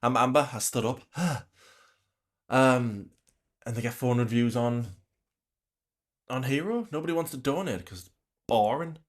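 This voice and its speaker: A man's voice: mid-range voice, measured pace, pauses often. A man reacting to a livestream, talking bluntly with an exasperated, ranting manner. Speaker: reaction commentator.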